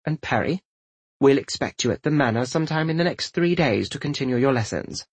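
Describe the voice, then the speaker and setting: A man's voice: mid-range voice, animated, a little fast, husky, no room sound. A man voicing a poised, commanding noble lady in an audiobook.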